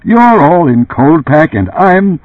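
A man reading an audiobook, voicing a heated, indignant middle-aged boss who pleads in loud, raised bursts. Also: a little high, big pitch swings, takes it slowly, no echo, pitched above the performer's own voice. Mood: insistent. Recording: dry, tinny phone-like sound.

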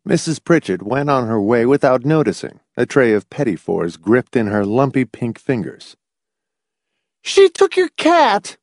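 Lively man reading an audiobook. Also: mid-range voice, moderate pace, hardly any pauses, no room sound, studio quality. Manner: expressive, lively storytelling. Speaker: narrator. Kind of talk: audiobook narration.

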